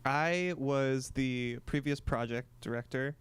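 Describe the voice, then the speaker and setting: A man's voice: mid-range voice, takes it slowly, clear, resonant tone. Dry young man as radio guest. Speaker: guest, former student project director. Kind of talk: casual chat.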